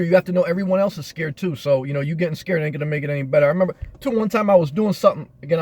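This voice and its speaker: A man in an earnest, measured motivational monologue, often circling back with fillers and repeated phrases. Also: on the high side, a little mellow. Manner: earnest, repetitive, measured delivery with many fillers. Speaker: motivational vlogger.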